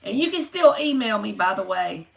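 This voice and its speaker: A woman's voice: mid-range voice, sing-song, normal speed, gravelly, recorded from a distance. A woman doing a chatty, joking tarot reading for her viewers, calling them by name. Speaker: tarot reader. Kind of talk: casual live-stream tarot reading. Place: home room.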